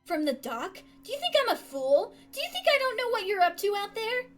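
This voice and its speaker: A woman's voice: very high voice, very animated, fairly quick, faint music behind, pitched above the performer's own voice. A woman voicing a grief-crazed middle-aged mother in a game, screaming and unhinged. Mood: furious.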